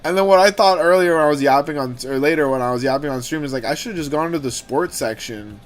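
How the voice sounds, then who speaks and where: A young man hosting a gaming livestream, talking casually and telling rambling, animated stories with swearing. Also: on the high side, fast talker, faint music behind. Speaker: streamer host.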